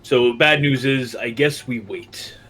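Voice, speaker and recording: A man playing a tabletop game, speaking hesitantly with many pauses and ums. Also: mid-range voice, a bit bright. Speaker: player.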